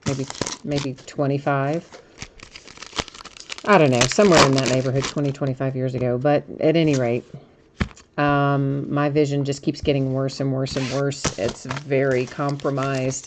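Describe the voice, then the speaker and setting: A woman's voice: a bass voice, heavy background noise. A middle-aged woman hosting a live card break stream, chatting casually with viewers and reading out cards as she goes. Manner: chatty, laughs at herself, reads out cards.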